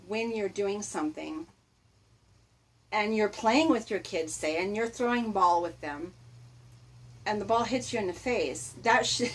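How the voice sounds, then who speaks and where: A woman's voice: mid-range voice, husky. A woman hosting a casual motivational talk, chatty and laughing often as she speaks to her viewers. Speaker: host.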